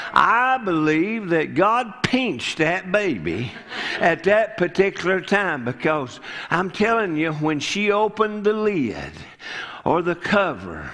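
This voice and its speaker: A man's voice: on the high side, fairly bright tone. A man preaching a folksy sermon in a church, telling the story and acting out the characters' lines. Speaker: pastor. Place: church sanctuary.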